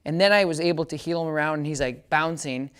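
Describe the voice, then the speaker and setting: A man teaching dog training in a relaxed demonstration. He explains each step casually and often checks in with the listener. His short commands to the dog come out bright and encouraging. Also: on the high side, quick pace, smooth. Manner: chatty, keeps checking understanding. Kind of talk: casual hands-on training demo.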